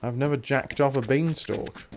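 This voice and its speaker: A man's voice: mid-range voice, normal speed, noisy background. A man with a southern English accent, chatting casually and joking while he streams a game. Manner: chatty, jokey, swears now and then. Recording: game music behind.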